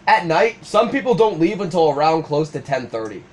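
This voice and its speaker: A young man hosting a gaming video, chatting casually and swearing, with ranting, mock-shouted retellings. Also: on the high side, a little fast. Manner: animated, swearing, rants with mock-shouted quotes. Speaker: gaming channel host. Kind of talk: casual chat while playing.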